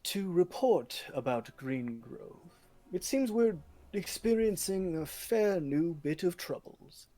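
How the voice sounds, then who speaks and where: A man's voice: high-pitched, expressive, slow pace, mellow, voice pushed up, heavily acted. A man doing a pompous, forgetful lord. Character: pompous, forgetful male lord reporting troubles.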